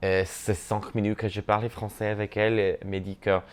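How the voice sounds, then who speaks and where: Comedian-host type, male, low-pitched, chatty, cheeky, cursing freely. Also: level tone, quick pace, a little hiss or hum. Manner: playful, chatty, swears freely; switches languages mid-thought. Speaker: comedian reacting to a video. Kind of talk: casual reaction commentary.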